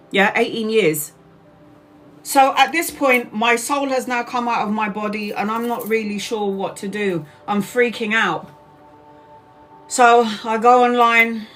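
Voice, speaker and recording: Animated woman telling a story. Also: medium pitch. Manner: animated, swears freely, repeats herself, quick and expressive. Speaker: tarot reader and live streamer. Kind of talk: casual storytelling to viewers on a livestream.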